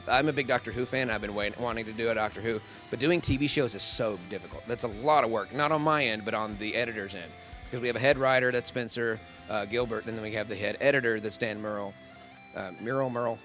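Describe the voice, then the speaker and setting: A man's voice: medium pitch, bright, forceful tone. A man who works as a professional voice actor, talking in a casual convention interview, rambling and laughing often.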